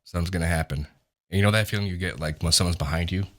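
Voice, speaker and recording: Deep, bright-edged man. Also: rapid-fire. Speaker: guest, acting coach. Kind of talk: casual storytelling.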